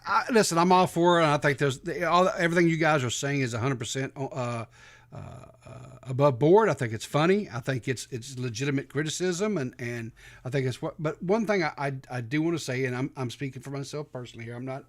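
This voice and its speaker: A man's voice: mid-range voice, a little fast. Man, podcast co-host, hesitant, lots of restarts, earnest tone. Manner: hesitant, many restarts and fillers. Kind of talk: casual podcast chat.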